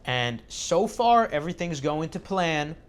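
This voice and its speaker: A man hosting a casual video who tells a story in an animated way, full of fillers. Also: on the high side, measured pace, clean tone. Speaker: host.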